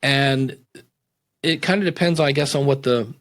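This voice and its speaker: Animated middle-aged man, podcast guest. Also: a little slow. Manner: animated, acts out voices and quotes with big pitch swings. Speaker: podcast coach, interview guest. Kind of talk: casual interview conversation.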